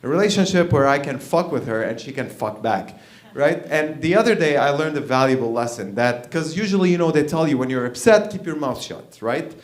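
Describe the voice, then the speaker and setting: A man's voice: fairly high pitch, lively intonation, brisk, few pauses. A man performing a profane stand-up set, acting out both sides of his stories on a comedy club stage. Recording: roomy live club sound.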